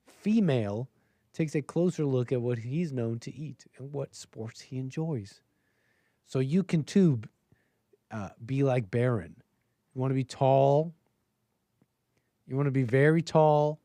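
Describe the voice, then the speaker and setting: A man's voice: medium pitch, a little mellow, dry recording, studio quality. A male talk show host casually reading an article aloud and breaking off for sarcastic, mocking asides, with frequent chuckles.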